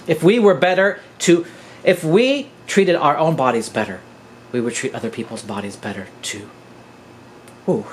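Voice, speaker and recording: A man's voice: a little high, moderate pace, noisy background. A man in his fifties, a podcast host, gives an earnest, preachy teaching monologue and keeps calling his listeners "guys". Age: 50s.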